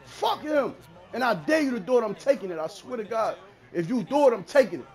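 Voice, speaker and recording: High-pitched, lively man trash-talking. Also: fairly quick. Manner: loud, taunting, repeats phrases, swings from mutters to shouts. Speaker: gamer streaming a football video game. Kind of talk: live gameplay trash talk.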